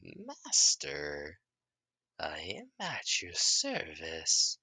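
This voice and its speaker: A man voicing a towering, loyal monster servant who speaks slowly and formally. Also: a bass voice, huge pitch swings, pushed and bright, slightly rough, no echo, studio quality, exaggerated voice. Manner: slow, formal, servile.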